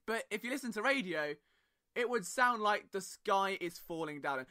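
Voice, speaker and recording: Young British male podcast host, jokey and rambling, bright tense tone. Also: high voice, animated, normal speed. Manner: chatty, jokey, rambling asides. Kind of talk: casual sports podcast monologue.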